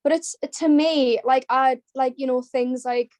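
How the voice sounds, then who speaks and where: A woman's voice: sits high, fairly even intonation, unhurried, darkish tone, dry recording. A young British woman chatting casually, with lots of filler "likes". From United Kingdom. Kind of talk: casual group chat.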